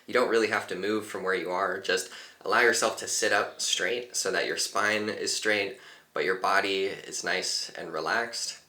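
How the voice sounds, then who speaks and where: A man leading a guided meditation in a calm, unhurried, gently instructive way. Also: sits low, reverberant. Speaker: meditation teacher.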